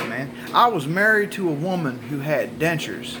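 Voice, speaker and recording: A man's voice: a little high, animated, a little fast, few pauses, background noise. A man, telling a story in a casual, profane, folksy way. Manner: folksy, profane, drawling with repeated "buddy" and "man".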